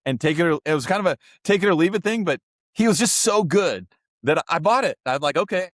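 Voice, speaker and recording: A man's voice: a little high, expressive, brisk, no echo, studio quality. A man co-hosting a casual podcast chat, telling rambling stories and acting out what other people said. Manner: rambling storyteller, acts out quoted voices. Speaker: podcast co-host.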